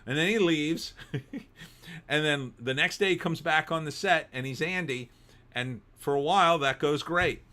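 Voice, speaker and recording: A middle-aged man, hosting a livestream and telling animated stories between reading chat comments, sometimes bursting into shouting. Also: a little high, normal speed. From New Jersey. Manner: animated storyteller, bursts into shouting when riled. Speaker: host.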